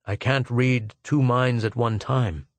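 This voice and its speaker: A man voicing a weary aged male Earthman, husky and halting as he speaks. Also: fairly even intonation, no echo, natural voice. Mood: subdued. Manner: halting, low and subdued.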